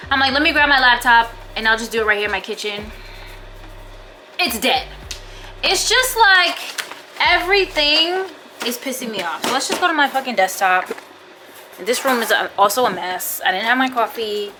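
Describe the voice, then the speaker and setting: A woman's voice: medium pitch, fairly quick, noisy background. A woman vlogging casually about her small business, venting her frustration and swearing often. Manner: frustrated, swearing, repeats herself. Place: out and about, then at home.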